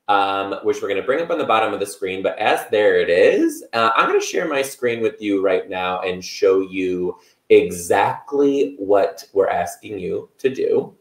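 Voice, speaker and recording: A man hosting a livestream, a comic teacher with a playful, animated way of talking. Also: low voice. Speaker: livestream host and teacher comedian. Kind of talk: hosted livestream. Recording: roomy echo.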